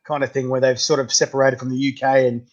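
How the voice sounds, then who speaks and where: A man's voice: medium pitch, level tone, fast, lo-fi sound. A man with an Australian accent hosting a casual video interview, full of slangy banter and laughs. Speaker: host.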